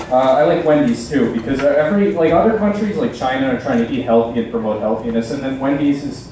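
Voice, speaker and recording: A young man doing a halting, deadpan stand-up set at a bar open mic night. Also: mid-range voice, slight background noise. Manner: halting, deadpan delivery with many ums. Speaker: stand-up comedian. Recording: echoey bar sound from a distance.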